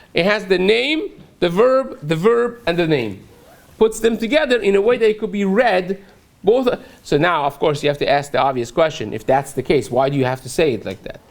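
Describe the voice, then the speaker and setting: A man, a rabbi teaching a daily Talmud class, who reads a phrase aloud, then explains it step by step and keeps checking in with a rhetorical "right?". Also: high voice.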